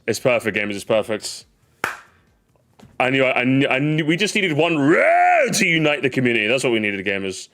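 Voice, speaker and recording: A man's voice: medium pitch, wildly swooping pitch, moderate pace, a bit bright, a little hiss or hum. A man hosting a casual gaming livestream, rambling jokily, repeating phrases and calling his viewers gamers. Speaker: livestream host.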